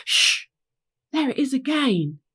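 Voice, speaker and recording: Brief: bossy older boy hedgehog, a woman doing the voice, impatient, raised pitch. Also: very animated, measured pace, a little mellow, heavily acted.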